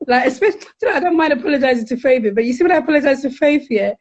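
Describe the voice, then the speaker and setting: A woman's voice: sits high, lo-fi sound. A middle-aged woman, speaking candidly as a guest counsellor and acting out quotes in her stories. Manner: animated, frank, quick to act out quotes. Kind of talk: candid conversational storytelling.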